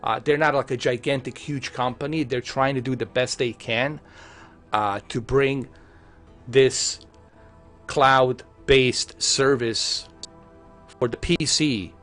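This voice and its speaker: A man's voice: mid-range voice, fairly even intonation, takes it slowly, long pauses, fairly bright tone, soft background music. A man chatting casually on a live stream who often breaks into heated, profane rants, with many fillers. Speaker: tech streamer.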